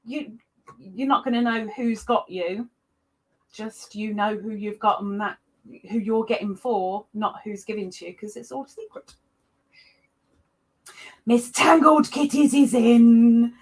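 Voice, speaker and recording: A woman hosting a casual livestream chat, greeting viewers by name with excited jumps in her voice. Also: medium pitch, a little slow. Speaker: livestream host.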